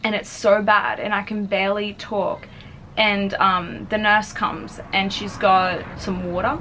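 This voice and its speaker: A woman's voice: mid-range voice, flat delivery, measured pace. Young woman, casual vlog storytelling, lots of "like" fillers, faint background noise. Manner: chatty, filler-heavy, frequently says "like". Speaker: vlogger.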